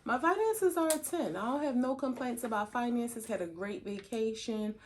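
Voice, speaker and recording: A woman's voice: on the high side, moderate pace, a little hiss or hum. A woman co-hosting a podcast, chatting candidly with her husband and laughing often. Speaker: podcast co-host. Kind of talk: casual chat.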